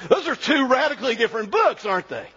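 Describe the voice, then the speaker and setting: A husky-voiced man preaching a sermon with a high, lively voice that swings widely as he stresses his points. It is a dull, lo-fi recording with long reverb from a large church hall. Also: fast. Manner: animated, emphatic preaching with sudden drops to low, quiet lines. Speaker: pastor.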